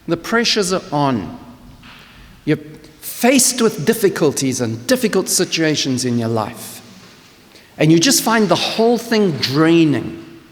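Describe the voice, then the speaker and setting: A Scottish man preaches in an earnest, tender way, his mid-pitched voice ringing out in a church hall with a long reverb. He often repeats a word as he starts a thought. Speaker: pastor. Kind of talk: sermon.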